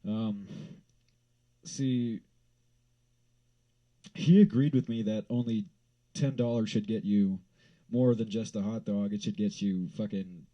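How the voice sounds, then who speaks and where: Profane, rambling man with a very dark voice. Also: fairly low pitch, fairly even intonation, slow pace, pauses often, muffled recording. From Wyoming. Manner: profane, rambling, bursts into loud exasperated rants. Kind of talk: casual storytelling vlog.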